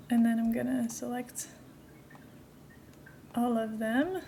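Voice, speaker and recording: Woman streamer, chatty and giggly, a touch high, with light background noise. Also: level tone, slow, vocal fry, pauses often, mellow. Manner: chatty, giggly, talks to herself while building. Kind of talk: casual game-stream chat.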